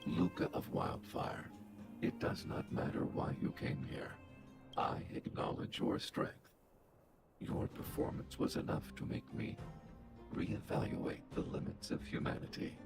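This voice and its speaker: An actor voicing a calm, formal male robot fighter in a video game, speaking in a measured, stately way with a deep mechanical voice. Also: natural voice. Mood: solemn. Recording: game audio under loud music.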